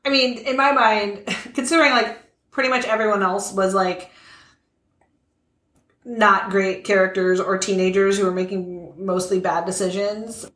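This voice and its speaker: Woman cohost, giggly and easygoing, mid pitch, echoey room. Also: steady tone, measured pace, a bit bright. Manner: laughs easily, many fillers. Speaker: podcast co-host. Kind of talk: casual chat.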